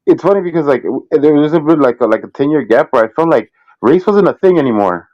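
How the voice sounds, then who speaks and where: A man's voice: on the high side, lively intonation, fast talker, lo-fi sound. A man joining as a guest in a casual chat, jokey and hesitant, repeating words as he starts.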